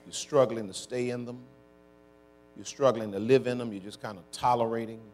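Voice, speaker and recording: A male pastor delivers a sermon in a relaxed conversational way, prompting the congregation to answer back. His talk is folksy and down-home, full of y'all and ain't. Faint music sits beneath his voice in the church. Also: mid-range voice, normal speed. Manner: call-and-response with congregation.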